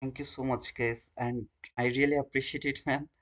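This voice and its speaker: A man's voice: mid-range voice, flat delivery, normal speed, a bit bright. A man hosting a live trading stream, talking to his viewers in an earnest, informal way.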